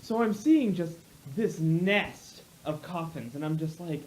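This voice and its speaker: Man, somewhat high voice, animated, comic storyteller, playful. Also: measured pace, a little hiss or hum, rough recording.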